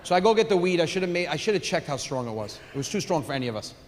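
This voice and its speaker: A man doing stand-up comedy, telling animated stories, shouting punchlines and acting out his family. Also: a little high, racing. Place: large theater stage with audience. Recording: live hall reverb with audience noise.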